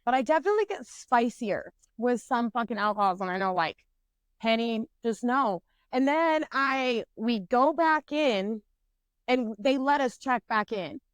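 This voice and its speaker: A woman's voice: a little high, animated, measured pace, smooth, dry recording. A woman in her twenties, a podcast co-host, casually telling a profane, self-mocking story with rambling fillers and restarts.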